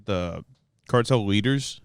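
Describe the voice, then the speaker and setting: A young man, a podcast co-host, in casual chat among friends, making emphatic, drawn-out points with swearing. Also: on the low side, gravelly, clean tone, dry recording, clean studio sound.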